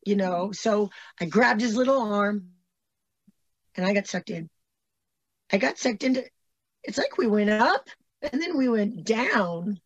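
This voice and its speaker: A woman's voice: mid-range voice, expressive, a little slow, long pauses, slightly rough, no room sound. Rambling woman telling a story over muffled audio. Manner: rambling, breathless retelling with restarts. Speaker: interviewee telling a personal story. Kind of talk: casual storytelling, played as an interview clip. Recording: dull lo-fi audio.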